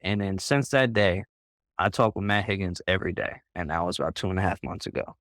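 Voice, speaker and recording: A man's voice: low-pitched, fairly quick, a bit bright, no echo, studio quality. A man, a guest on a group voice call, telling a story in a casual, rambling way, leaning on "like" and "bro" and restarting his sentences. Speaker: interview guest.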